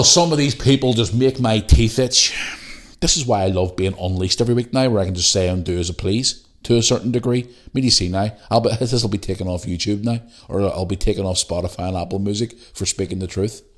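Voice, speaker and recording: Ranting on his own podcast, a man from Northern Ireland speaks a little fast in a lowish voice with his native accent. He's blunt and doesn't hold back on the swearing.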